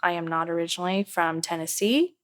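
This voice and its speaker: Woman podcast co-host, bright tone, chatty, curious, quizzing her co-host. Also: on the low side, fairly quick. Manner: chatty, curious, reads items aloud to quiz her co-host. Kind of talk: casual chat.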